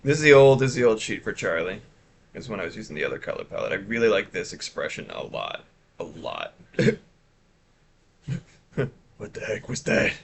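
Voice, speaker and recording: A man's voice: sits low, sing-song, fast, gravelly, a little hiss or hum. Rambling chatty male streamer. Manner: rambling, chatty, self-interrupting. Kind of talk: casual live-stream chat.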